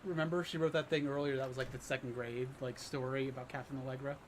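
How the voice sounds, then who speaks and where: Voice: mid-range voice, flat delivery, quick pace, slight background noise. A co-player on a call who chats offhandedly, laughs, and hedges a lot. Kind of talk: casual gameplay chat.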